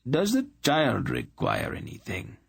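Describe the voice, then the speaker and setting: A man's voice: medium pitch, wildly swooping pitch, a little slow, vocal fry, husky, dry recording, clean studio sound, voice pushed up, exaggerated voice. A man voicing an urbane, cruel emperor in an audiobook, speaking with silky, polite menace.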